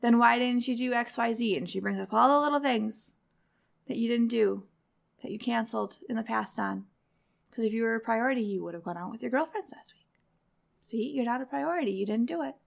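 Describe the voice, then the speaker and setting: A woman with a slightly high, heavily gravelly voice gives a motivational talk to mothers. She speaks directly and conversationally, nudging her listeners along with encouragement. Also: a little fast. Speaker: podcast host.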